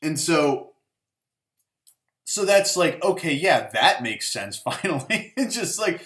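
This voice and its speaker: A man's voice: on the high side, sing-song, takes it slowly, fairly bright tone. A man hosting a casual movie review show, rambling and sarcastic, with lots of "like" and swearing. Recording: roomy echo.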